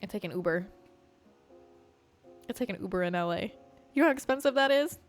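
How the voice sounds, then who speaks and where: A woman hosting a podcast, telling a story in a blunt, profane, animated way. She grew up in Georgia and talks in a casual monologue. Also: medium pitch, a little fast, faint music behind. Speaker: podcast host.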